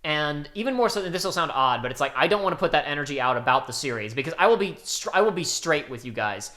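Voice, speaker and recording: A young man co-hosting a casual podcast chat, rambling and animated, bursting into loud acted-out quotes. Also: a little high, fast talker. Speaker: podcast co-host.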